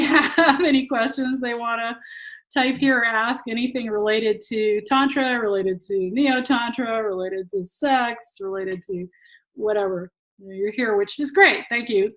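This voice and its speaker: A woman's voice: a little high, a bit bright, poor audio. A woman who teaches tantra talks casually to an online audience over a video call and laughs often while she tells stories.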